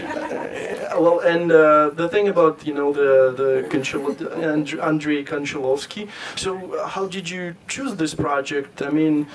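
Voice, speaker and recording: A man moderating a festival Q&A, asking questions haltingly with lots of fillers and repeated agreement. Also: on the high side, fairly even intonation, poor audio. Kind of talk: festival Q&A interviewing.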